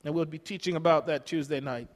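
An older man with a high voice preaches a sermon, emphatic and calling out to his congregation. He swells and drops between loud and soft. His words ring out with a long reverb through a church hall. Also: fairly even intonation, fast. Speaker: pastor.

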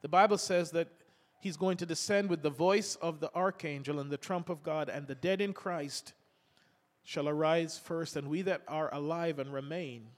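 A man's voice: a little high, normal speed, long reverb tail. An older man preaching a sermon, reading scripture aloud between homely stories.

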